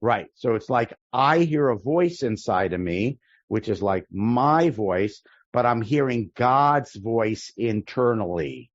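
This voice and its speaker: A man teaching a prayer-book class as a rabbi, explaining the text line by line in a thoughtful way, often pausing and restarting mid-sentence. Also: mid-range voice, expressive, dry recording, dull audio. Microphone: video call.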